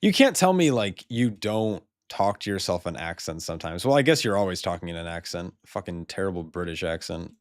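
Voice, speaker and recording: A man's voice: deep voice, very animated, a little fast, few pauses, no echo, studio quality. An American man rambling casually while streaming a game, swearing freely and laughing often. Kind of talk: casual live-stream chat.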